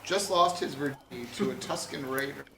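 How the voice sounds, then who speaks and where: A man, a comedian guest, retelling a movie plot in an animated, rambling way with deadpan asides, in an echoey room. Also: medium pitch, fairly quick, creaky, recorded from a distance, noisy background.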